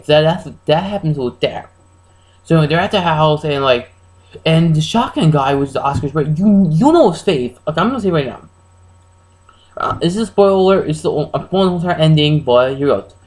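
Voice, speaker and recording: On a low-quality recording, a fairly high-pitched man reviews a horror film with a casual, rambling recap full of spoilers. He's excitable and keeps restarting his sentences.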